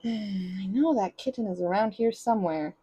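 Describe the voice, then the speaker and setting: Mellow with a breathy edge, her voice moves at a normal speed, though the audio is dull. She chats away on a live stream while making breakfast in her kitchen at home, occasionally calling out to her cats in a high sing-song baby voice.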